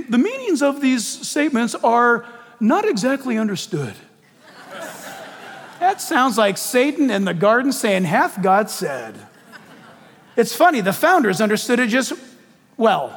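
A man preaching a sermon in an animated, joking way, putting questions to his audience. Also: very high-pitched, big-room sound.

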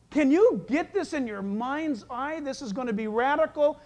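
A male pastor preaching a sermon in an animated way, with joking asides. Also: very high voice, moderate pace, hardly any pauses.

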